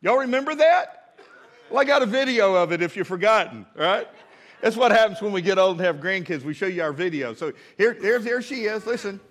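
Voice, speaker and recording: A man in his fifties preaching with a drawl in a rather high voice. He is folksy and humorous, often repeating words as he restarts his sentences, and he drops low and quiet for asides. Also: animated, a little fast. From American South. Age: 50s. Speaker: pastor. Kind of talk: sermon.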